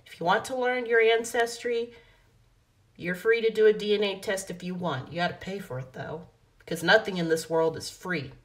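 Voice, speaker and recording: A woman's voice: mid-range voice, moderate pace. A young adult woman talking casually to her viewers in a vlog, rambling and correcting herself often, recorded on a phone. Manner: rambling, self-correcting, many fillers. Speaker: vlogger. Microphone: phone camera mic.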